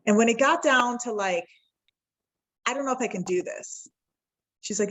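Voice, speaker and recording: A woman's voice: a little high, poor audio. Heartfelt woman telling her own story. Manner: animated, reenacts dialogue with quick shifts in tone; reflective and heartfelt, slows down at key moments. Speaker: podcast guest. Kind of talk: personal storytelling.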